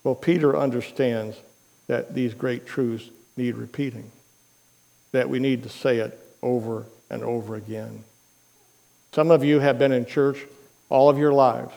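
A man preaching a sermon as pastor, telling a story in an unhurried, earnest way. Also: mid-range voice, fairly even intonation, gravelly, warm tone.

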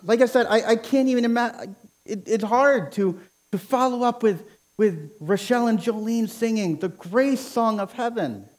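A man preaching a sermon with passion, near to yelling at times, often repeating words as he starts a phrase. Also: high voice, normal speed. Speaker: pastor.

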